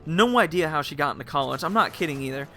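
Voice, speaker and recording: A man's voice: on the high side, lively intonation, quick pace, sharp tone. A young man telling a rambling, casual story to his viewers and laughing at himself. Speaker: vlogger.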